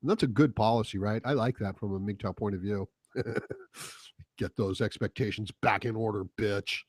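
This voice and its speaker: A man's voice: fairly low pitch, moderate pace, dry recording, studio quality. A man hosting a casual solo podcast, rambling and profane, chuckling often as he talks. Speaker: podcast host.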